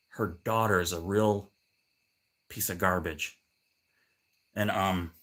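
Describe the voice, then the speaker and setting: A man's voice: fairly low pitch, fairly bright tone. A middle-aged man hosting a livestream, telling a rambling, annoyed story in casual chat and acting out both sides of the conversation. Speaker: livestream host.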